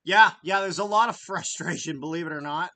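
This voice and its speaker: A man calling a game as an emotional fan, his voice fairly high and bright-edged. He drops into low muttering, then bursts out loud, stammering and repeating himself when frustrated. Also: brisk. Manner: emotional, swings between grumbling and excited shouting. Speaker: fan streamer commentating a live game. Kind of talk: live fan play-by-play commentary.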